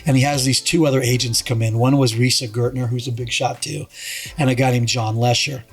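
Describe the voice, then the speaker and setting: A man's voice: medium pitch, flat delivery, a little fast, breathy edge, faint music behind. Man telling a rambling story. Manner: rambling, restarts, acts out quoted voices. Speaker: podcast guest. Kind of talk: casual storytelling.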